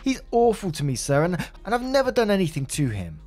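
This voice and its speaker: A man voicing a shrill, entitled middle-aged mother with a thick Southern accent, high-pitched, accusing and self-pitying in a narrated story. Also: wildly swooping pitch, a little fast, darkish tone, soft background music. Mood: whiny. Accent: thick Southern US (as put on).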